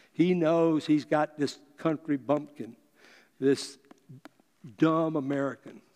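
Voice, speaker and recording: A man telling a story to an audience in a deliberate, unhurried speech. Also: a little high, dark tone. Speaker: speaker. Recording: long reverb of a large hall.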